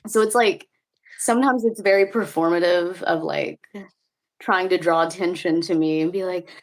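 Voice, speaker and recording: A woman's voice: lowish voice, steady tone, normal speed. A young woman chatting casually, telling stories with lots of laughter and fillers. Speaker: co-host in a conversation. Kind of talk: casual chat.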